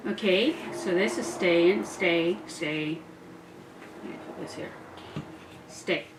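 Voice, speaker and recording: A woman's voice: fairly low pitch, takes it slowly, recorded from a distance, background noise. Chatty woman crafting and telling stories. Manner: chatty, laughs often, talks while working. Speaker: crafter making a wreath. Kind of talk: casual craft vlog with storytelling.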